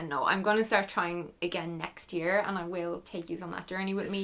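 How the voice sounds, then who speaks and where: A woman's voice: lowish voice, a little fast, hardly any pauses, fairly bright tone. A young Irish woman chatting frankly and emotionally as she answers viewer questions, laughing often. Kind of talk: casual Q&A chat.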